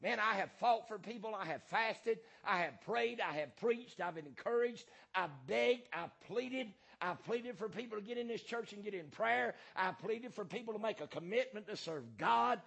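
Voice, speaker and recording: A man preaching a fiery sermon as pastor, hammering points through repetition and filling pauses with "uh" and "um". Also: high-pitched, lively intonation, gravelly, fairly bright tone, breathy edge.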